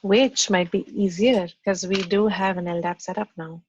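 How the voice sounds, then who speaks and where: A woman's voice: mid-range voice, fairly even intonation, normal speed, muffled recording, a crowd in the background. A woman in a casual work meeting on a video call, matter-of-fact as she reads out settings and explains issues. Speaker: software engineer in triage meeting.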